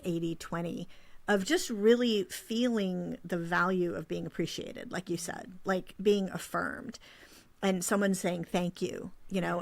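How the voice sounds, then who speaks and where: A woman's voice: on the low side, creaky, a bit bright. A woman hosting a podcast, talking casually, thinking aloud with restarts and quoted examples. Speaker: podcast host. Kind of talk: casual conversation.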